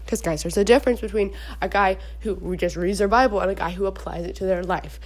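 A young woman casually talking to her viewers at home about faith and dating, chatty and animated. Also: medium pitch, quick pace, hardly any pauses. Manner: chatty, animated, talks to her dog between points. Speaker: Christian advice vlogger. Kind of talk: casual faith talk to camera. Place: at home indoors.

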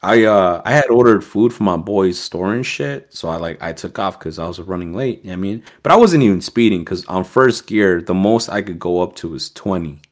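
A man co-hosting a podcast, telling a profane, animated story in casual chat. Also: deep voice, a little fast, few pauses. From East Coast US. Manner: profane, animated storyteller, acts out quoted voices. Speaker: podcast co-host.

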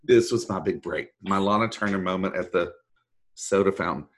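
A middle-aged man, a voice actor guest telling a long story in a rambling, animated way and acting out the people he quotes. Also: low-pitched, moderate pace. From Texas. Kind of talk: storytelling anecdote.

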